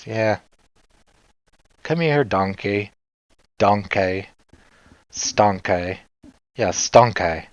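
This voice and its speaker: In a dry, dull lo-fi recording, a Canadian man chats casually on his livestream. His lowish voice is expressive, stretching out words and leaving long pauses as he rambles, cracks jokes and laughs a lot.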